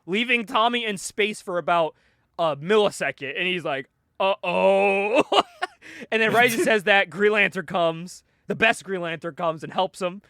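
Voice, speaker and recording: A man's voice: sits high, moderate pace, bright, forceful tone, dry recording, clean studio sound. A man casually recapping a comic book, acting out the characters' lines and laughing often. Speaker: podcast host.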